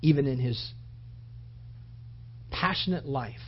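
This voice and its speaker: A man preaching a sermon with passion, his voice rising toward shouts and then dropping low. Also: slow pace, lo-fi sound, slight background noise. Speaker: pastor.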